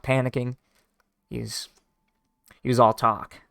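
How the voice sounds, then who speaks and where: A man casually reading a comic aloud, describing the panels in an informal, halting way with many fillers. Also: mid-range voice, steady tone, dry recording, studio quality. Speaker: read-along narrator. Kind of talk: casual read-along of a comic.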